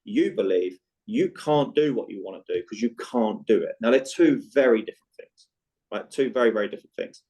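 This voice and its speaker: Animated man telling a client story. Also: on the low side, fairly quick, rough recording. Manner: animated, repeats "right?" to check in, acts out dialogue. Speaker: guest, movement coach for chronic pain. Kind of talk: conversational podcast storytelling.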